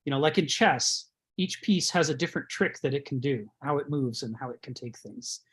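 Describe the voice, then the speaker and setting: A man's voice: mid-range voice, lively intonation, moderate pace, fairly bright tone, slightly rough. A man giving a conversational lecture, rambling, chuckling often and using many fillers.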